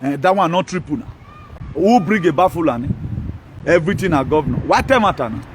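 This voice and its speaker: Scornful high-voiced man ranting. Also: animated, fairly quick, background noise. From Nigeria. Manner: scornful, combative, mocking, with frequent laughs. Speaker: social media commentator. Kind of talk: ranting political video monologue.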